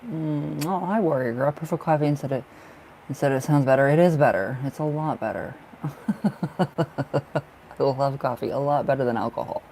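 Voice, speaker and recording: A man's voice: fairly high pitch, moderate pace, long pauses, a little mellow. Man, tarot reader on a live stream, chatty, giggly, cold, home webcam mic, faint hiss. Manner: chatty, giggly, talks to viewers by name. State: cold, bundled up.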